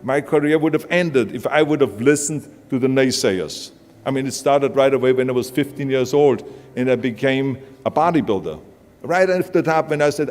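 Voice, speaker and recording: A man's voice: mid-range voice, moderate pace, darkish tone. Emphatic man with an Austrian accent. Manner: emphatic, blunt, plain-spoken. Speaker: motivational speaker. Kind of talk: motivational speech. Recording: hall reverb with music underneath.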